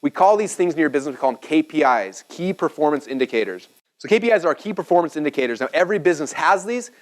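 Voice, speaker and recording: A man in his thirties teaching a business seminar at a whiteboard, energetic and chatty, checking in with "okay?" and "right?". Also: a little high, fast talker, rough recording. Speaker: speaker teaching business marketing.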